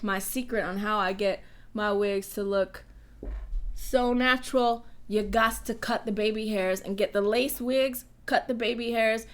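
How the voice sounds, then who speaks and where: An American woman with a medium-pitched voice hosts a casual live-stream Q&A. She's chatty and animated, jumping between loud exclamations and whispered asides.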